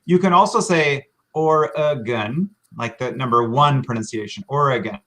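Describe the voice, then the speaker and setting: American man giving a relaxed slide talk. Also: medium pitch, brisk. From Washington State, US. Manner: relaxed, friendly, many ums and uhs. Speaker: virtual tour guide. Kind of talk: casual presentation over slides.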